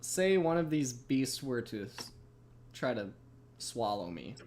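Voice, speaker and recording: A man's voice: mid-range voice, very animated, slow, a little mellow, slight background noise. A man playing in a casual tabletop game, hesitant and full of questions. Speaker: player.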